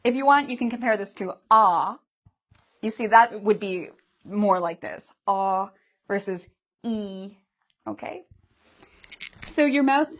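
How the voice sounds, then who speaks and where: A woman with a mid-pitched voice teaches a pronunciation lesson. She talks patiently, models each vowel slowly and clearly, and keeps asking her learners questions about what they see and hear. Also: fairly bright tone.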